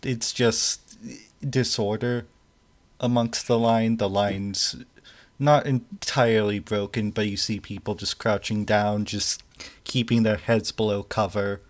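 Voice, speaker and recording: Brief: male game master, lowish pitch, slow, halting scene-setting. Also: fairly even intonation. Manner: slow, halting narration with many restarts. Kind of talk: narrating a tabletop game.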